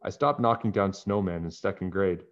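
A man's voice: deep voice, normal speed, lightly acted. A man voicing a cocky, boastful boy snowboarder with a brash, taunting way of talking. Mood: sulky. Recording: dull lo-fi recording.

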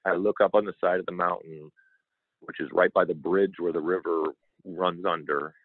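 Speaking low at a moderate pace, this interview guest earnestly shares an emotional story from his own life, animatedly voicing the dialogue of others. His voice comes through dry and thin, as if over a phone.

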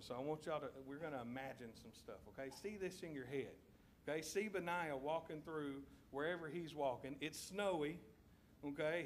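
A man preaching a sermon in a church, telling a story with lively checks of the congregation. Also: a little high, a little hiss or hum. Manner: animated storytelling, addresses congregation with "okay?". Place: church sanctuary.

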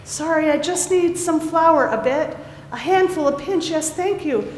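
Lady doing a frazzled polite cricket guy, high voice, slow and pleading, echoey hall. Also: a little mellow, a little hiss or hum. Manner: breathless, hurried pleading. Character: flustered hungry male cricket baker. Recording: echoey hall with faint ambience.

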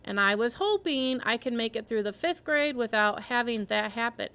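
A woman's voice: fairly high pitch, animated, moderate pace, pushed and bright, smooth. A woman teacher reading a novel aloud to her class and stopping to explain parts to the listeners.

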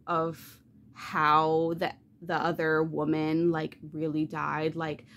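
A woman chatting casually in a reading vlog, animated and loose, swearing freely and saying "like" constantly. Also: fairly low pitch, a little hiss or hum. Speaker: book vlogger.

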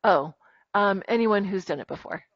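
A woman teaching a grammar lesson in a classroom, brisk and firm with her students as she dictates punctuation aloud. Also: medium pitch, no room sound, highs cut off.

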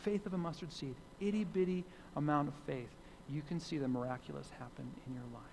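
A man's voice: a little high, fairly even intonation, brisk, gravelly, a little mellow, a little hiss or hum. Earnest man preaching in reverberant hall. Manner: earnest, repeats phrases for emphasis. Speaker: pastor. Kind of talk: sermon. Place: church sanctuary.

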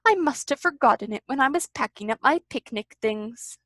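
A woman voicing a gentle, kindly male teddy bear from a storybook, speaking simply. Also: sits high, lively intonation, moderate pace, dry recording.

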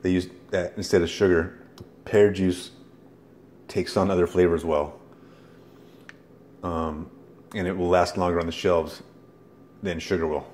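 A man reviewing products in a casual vlog, easily exasperated and breaking into loud, profane outbursts. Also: sits low, fairly even intonation, a little slow, long pauses, slight background noise.

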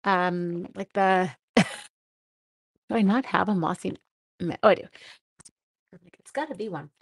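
A woman's voice: mid-range voice, unhurried, vocal fry, slightly rough. Chatty woman demonstrating crafts. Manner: chatty, talks straight to viewers, silly sound effects. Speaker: card-making demonstrator. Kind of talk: casual live-stream craft demo.

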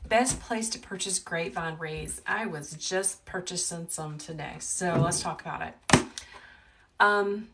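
A woman with a Southern US accent hosting a live wreath-making tutorial, chatty and talkative, with a calm, soothing voice. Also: on the low side, unhurried. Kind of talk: live crafting tutorial chat. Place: home wreath workshop. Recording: a bit distant from the mic, faint background noise.

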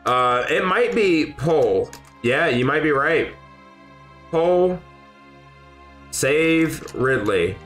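A man streaming a game live, excitable and often shouting and laughing as he talks to his chat. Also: fairly high pitch, very slow, pauses often, roomy sound. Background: faint game music.

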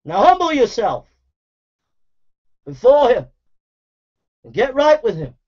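A man preaching a fiery sermon, calling listeners to repent with forceful, repetitive exhortations and shouted commands. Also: very high voice, sing-song, slow, slightly rough. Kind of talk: fiery street-style sermon. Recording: dull lo-fi recording.

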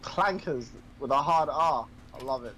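A man's voice: medium pitch, measured pace, loud music behind the voice, rough recording. A young man playing a game with a friend, bantering playfully with lots of ums and likes. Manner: playful, joking banter with a lot of fillers. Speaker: co-player. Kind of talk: casual gaming chat.

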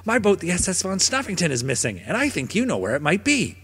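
A man's voice: high voice, wildly swooping pitch, quick pace, a bit bright, slightly rough, pitched above the performer's own voice, heavily acted. A man voicing a small, eager male dog who dreams of being a sea captain, talking in an earnest, yipping way. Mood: demanding. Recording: long reverb.

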